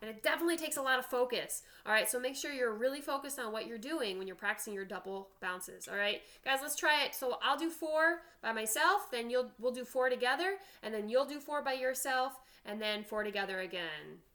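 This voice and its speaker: A woman's voice: fairly high pitch, lively intonation, a little fast, few pauses, a bit bright. A woman band teacher giving an online drum lesson, counting aloud and checking in with "all right?".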